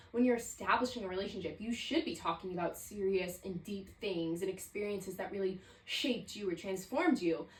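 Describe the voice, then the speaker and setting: Set back from the mic in a roomy space, a medium-pitched woman in her 20s delivers a casual solo podcast monologue as host. She's candid and chatty, leaning heavily on "like."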